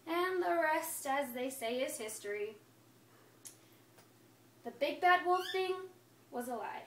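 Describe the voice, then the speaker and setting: A chatty wolf who swears he was misunderstood, told by a woman in a high, lively storybook voice that swoops up and down. It is heard from a distance in an echoey room, with a faint hiss behind. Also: measured pace, pauses often. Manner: chatty, innocent-sounding, playful. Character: friendly, self-justifying male wolf. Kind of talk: first-person storybook read-aloud.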